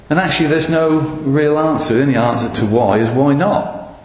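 A man preaching a sermon in an earnest way, often pausing with ums and restarts. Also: a little high, a little mellow. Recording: echoey hall with long reverb.

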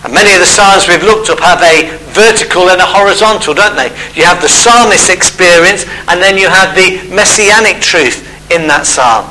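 A man's voice: high voice, normal speed, pushed and bright, slight background noise, rough recording. A man preaching a sermon, explaining step by step in a conversational way.

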